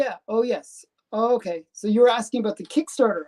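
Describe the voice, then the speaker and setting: A woman in her thirties talks casually on a live stream, answering viewers' questions with an upbeat, rambling manner. Her voice is mellow and warm, sitting in a middle register. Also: mid-range voice, lively intonation. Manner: chatty, upbeat, with fillers and quick asides. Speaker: comic collector vlogger.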